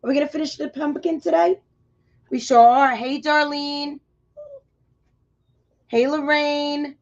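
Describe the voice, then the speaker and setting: Woman, slightly high voice, friendly craft livestream host, muffled lo-fi audio. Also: steady tone, unhurried, a little mellow. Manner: chatty, greets viewers by name. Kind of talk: casual live crafting tutorial.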